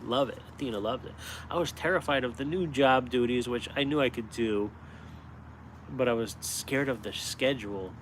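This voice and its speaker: A man from upstate New York chats into his phone on a live stream, chuckling as he tells his stories. He is outdoors and a little street noise hangs behind him. His pitch sits in the middle for a man. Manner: animated storyteller, chuckles often. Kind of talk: casual live-stream chat. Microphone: phone held vertically.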